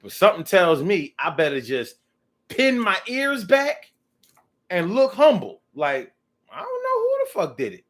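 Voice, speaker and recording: A man's voice: high voice, wildly swooping pitch, unhurried, a bit bright, heavily acted. Man doing a sheepish, confused house dog. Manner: muttering, unsure, profane.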